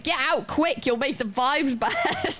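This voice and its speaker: A woman's voice: high-pitched, huge pitch swings, takes it slowly, a bit bright, faint music behind. A young woman streaming a game live, chatting casually and drifting off on tangents. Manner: rambling, chatty, goes off on tangents. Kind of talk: casual chat while gaming live.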